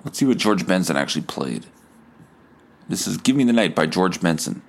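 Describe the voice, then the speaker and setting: A man's voice: sits low, sing-song, moderate pace, creaky, heavy background noise. A man hosting a solo podcast, rambling and swearing, often stammering and restarting. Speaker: podcast host.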